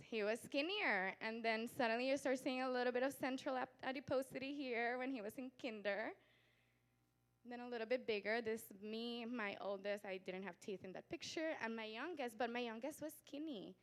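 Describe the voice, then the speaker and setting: A woman doctor lecturing at a conference with a voice that sits a little high. She tells her stories with lively energy, playing out her patients and family members and breaking into laughter. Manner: animated storyteller, acts out patients and family; laughs often, talks with growing volume. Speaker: pediatric doctor giving a conference talk. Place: conference hall.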